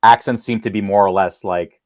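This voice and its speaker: Man, low pitch, casual rambling chat, fillers and restarts, dry sound. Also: steady tone, normal speed, darkish tone, no room sound. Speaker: co-host.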